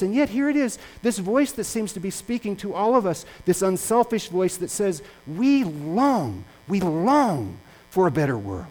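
A male pastor preaching a sermon, impassioned and swinging between loud and hushed. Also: sits high, poor audio.

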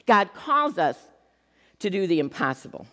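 A middle-aged woman pastor giving a sermon in a church, talking in an animated, conversational way with touches of humor. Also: mid-range voice, moderate pace. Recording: long reverb of a church hall.

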